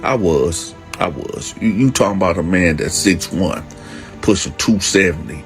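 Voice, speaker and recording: A man's voice: deep voice, expressive, normal speed, soft background music. Streetwise man telling a prison story. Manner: emphatic, streetwise, keeps addressing the audience. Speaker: storyteller, channel host. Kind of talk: casual storytelling to camera.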